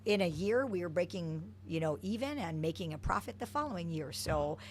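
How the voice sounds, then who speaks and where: Speaking fairly quickly in a lowish voice, with slight background noise, a middle-aged soccer coach from Hawaii tells energetic stories from her past. It's an interview, and she's an animated storyteller.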